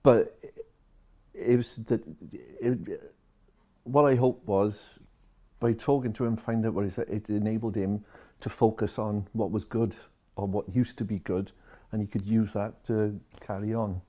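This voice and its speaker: A man's voice: fairly low pitch, fairly even intonation, a little slow, mellow. A man, a social care worker telling a story to camera and retelling each conversation line by line.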